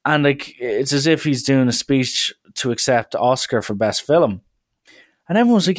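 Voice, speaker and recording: A young man, casually telling a story from his college days in a lively, chatty way full of filler words. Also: medium pitch, moderate pace.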